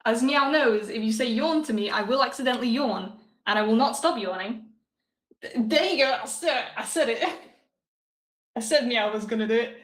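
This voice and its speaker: A woman live-streams while cooking in her home kitchen, chatting casually, giggling, and rambling to viewers. Her voice is a little high and fairly bright, at a moderate pace. She moves around away from the phone mic, and the room sounds echoey.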